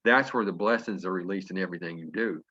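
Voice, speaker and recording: A man telling a folksy story to an audience, lively and chuckling as he acts out what people said. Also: low-pitched, quick pace. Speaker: business testimonial speaker. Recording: dull lo-fi conference call audio.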